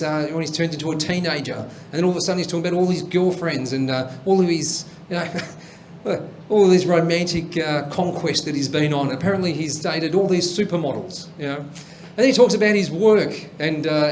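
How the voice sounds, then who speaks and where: A man's voice: on the high side, brisk, few pauses, a little mellow. Rambling man hosting a comedy show. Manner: rambling, chatty, with many fillers. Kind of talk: stand-up storytelling and joke telling. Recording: faint background noise.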